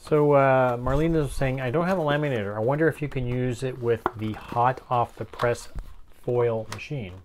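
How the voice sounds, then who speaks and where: A man co-hosting a casual live craft stream, reading viewer comments aloud in a relaxed way. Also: medium pitch, moderate pace, a little hiss or hum.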